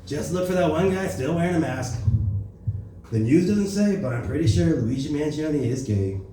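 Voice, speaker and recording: Man doing a pompous crude elder statesman impression, very dark mellow tone, echoey club heard from a distance. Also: a little high, animated, moderate pace, a little hiss or hum, close to an everyday voice. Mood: boastful. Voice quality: brash, rambling, self-important. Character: boastful crude older male politician. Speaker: stand-up comedian. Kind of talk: stand-up impression. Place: comedy club open mic. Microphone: stage microphone. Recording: echoey room from far off.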